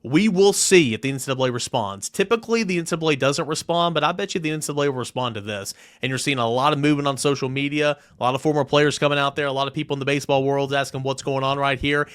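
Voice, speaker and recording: A man's voice: medium pitch, very fast, few pauses, fairly bright tone, clear, resonant tone. Emphatic man hosting a sports podcast. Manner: emphatic, reads quoted letter aloud with rising emphasis. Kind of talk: solo sports podcast commentary.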